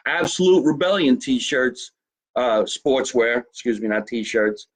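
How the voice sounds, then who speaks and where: Casual male host, mid-pitched, joking through fan mail and plugs. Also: measured pace. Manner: chatty, jokey, reads fan mail and sponsor plugs. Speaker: podcast host. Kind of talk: casual live show chat.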